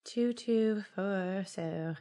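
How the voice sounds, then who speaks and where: Woman, tabletop game player, chatty, laid-back, casual swearing, slow, mid pitch. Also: mellow, a little hiss or hum.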